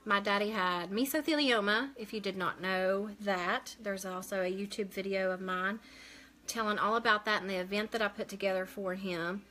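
Bright, chatty woman on a live stream. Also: medium pitch, steady tone, normal speed. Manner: chatty, reads viewer comments aloud and answers them. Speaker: makeup consultant hosting a live stream. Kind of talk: casual live-stream chat.

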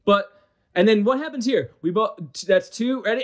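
Young Midwestern man, slightly high voice, casual rambling game commentary, self-deprecating and profane. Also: moderate pace. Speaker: gaming commentator.

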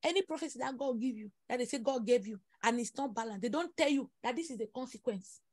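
A high-pitched woman leads a prophetic prayer session. She presses her points with emphatic repetition and sudden exclamations. The sound is dry and close, with no room around it. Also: fast, darkish tone, no echo. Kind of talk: prophetic sermon over prayer call.

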